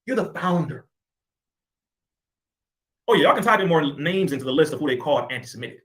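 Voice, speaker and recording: A man's voice: fairly high pitch, lively intonation, a little fast, a bit bright. A man giving an impassioned address to camera, emphatic, sarcastic and repetitive. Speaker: commentator.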